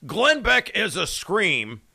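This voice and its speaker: A man hosting a morning radio show, excitable and jokey with rapid asides. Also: high-pitched, gravelly, slightly rough. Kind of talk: casual radio chat.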